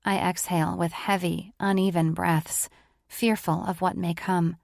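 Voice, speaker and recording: A woman's voice: fairly low pitch, little pitch movement, a little slow, gravelly, a little mellow, dry recording, studio quality. A woman narrating a romance audiobook in the first person, with an intimate, emotive reading.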